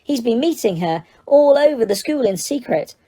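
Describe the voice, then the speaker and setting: A woman's voice: fairly high pitch, animated, mellow, voice pushed up. A woman voicing a shy, slightly anxious young girl in an audiobook, confiding in a lighter voice. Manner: quick, confiding, a little nervous. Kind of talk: audiobook character voice.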